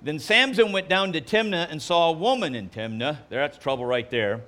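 A man preaching a sermon, delivering jokes in an animated, playful way before reading scripture. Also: fairly high pitch, moderate pace. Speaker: pastor.

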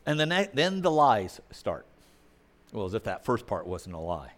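A man's voice: lowish voice, big pitch swings, unhurried. A male preacher giving a sermon in a conversational way, putting questions to the congregation.

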